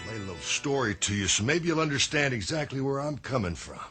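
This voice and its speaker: A man's voice: medium pitch, expressive, fast, a bit bright, slightly rough, faint music behind. An older man, a podcast host and former wrestler, telling a story in a drawling, dramatic way that drops to whispers. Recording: archive promo clip.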